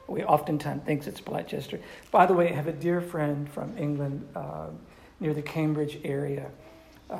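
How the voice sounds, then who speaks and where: A pastor preaches in an easy, conversational way and keeps asking the audience questions. The voice has a gravelly edge. The room sounds roomy, with a faint hum of noise behind it. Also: medium pitch, darkish tone. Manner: chatty, asks the audience questions. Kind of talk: conversational sermon teaching.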